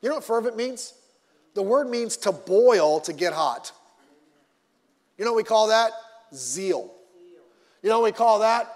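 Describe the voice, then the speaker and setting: A male pastor preaching a sermon in an animated way, repeating himself and swinging between loud and soft. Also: sits high, normal speed, long pauses, big-room sound.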